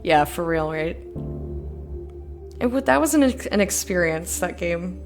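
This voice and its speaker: A woman's voice: lowish voice, animated, measured pace, soft background music. A young woman streaming a game, reading in-game emails aloud and adding chatty, giggly asides. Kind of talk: let's play commentary, reading game text aloud.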